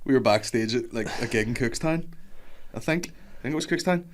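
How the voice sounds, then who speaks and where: A man's voice: medium pitch, expressive, fairly quick, slight background noise. A man, co-hosting a podcast in casual, jokey chat full of swearing.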